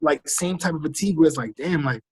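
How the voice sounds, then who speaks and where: Husky man in his thirties from Trinidad, worn out by illness, animated storyteller, dry close sound. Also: a little high, fast, no echo. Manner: animated storyteller, acts out quoted voices. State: fatigued, recovering from illness. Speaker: guest, firefighter recovering from illness. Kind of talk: casual interview over a call.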